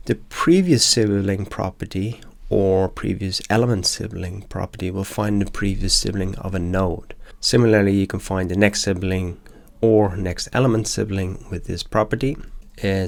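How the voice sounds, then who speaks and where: A man's voice: sits low, steady tone, normal speed, gravelly, no room sound. A man teaching web development, walking through code examples step by step in a lecture.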